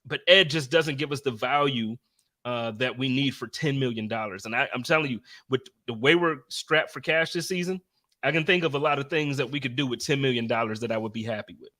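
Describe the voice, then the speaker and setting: A man with a bright, forceful voice hosts a casual sports talk show. He talks with lively emphasis, building his points with repeated phrases and quick asides. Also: mid-range voice. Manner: energetic, animated, emphatic. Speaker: podcast host.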